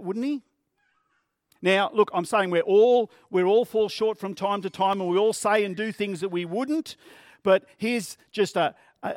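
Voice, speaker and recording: A man's voice: sits high, no room sound, clean studio sound. A man preaching a sermon as pastor, earnest and plain-spoken, using vivid everyday examples.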